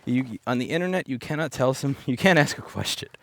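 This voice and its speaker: Animated, blunt man ranting outdoors. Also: mid-range voice, brisk, creaky, no room sound. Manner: ranting, blunt, with sarcastic mock voices. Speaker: repair activist vlogger. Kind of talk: off-the-cuff monologue. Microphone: headset microphone.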